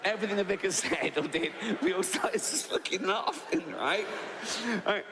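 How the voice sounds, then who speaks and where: Guy in his sixties doing stand-up, slightly high voice, keeps saying right?, long hall echo. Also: moderate pace, background noise. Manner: conversational, peppers lines with "right?", laughs at own jokes. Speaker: stand-up comedian. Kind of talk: stand-up storytelling.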